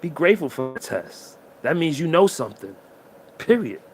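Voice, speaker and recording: A man's voice: on the high side, sing-song, normal speed. A man giving an emotional, preachy motivational monologue straight to the listener. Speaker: motivational speaker.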